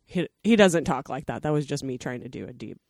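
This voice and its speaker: A woman guest telling a story in casual chat, animated, swearing and saying "like" a lot. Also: rumbling low, fairly quick, creaky, dry recording. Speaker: podcast guest.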